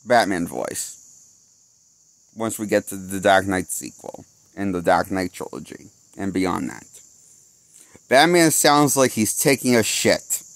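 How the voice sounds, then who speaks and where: A man's voice: deep voice, expressive, measured pace, gravelly, long pauses, dry recording. A man giving a casual spoken film review, rambling and losing his train of thought while laughing at his own jokes. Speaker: movie critic.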